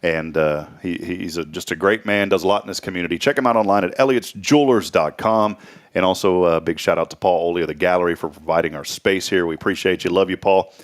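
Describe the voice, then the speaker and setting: A man hosts a morning talk show, spinning loose stories and tossing in quick jokes. His voice sits a little low and relaxed. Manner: joking, rambling storyteller with quick asides. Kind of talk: casual chat.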